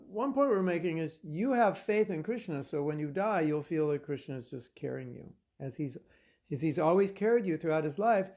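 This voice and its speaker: A man giving a spiritual lecture to an online class, telling stories in an animated, conversational way with casual fillers. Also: fairly high pitch, vocal fry. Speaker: spiritual teacher.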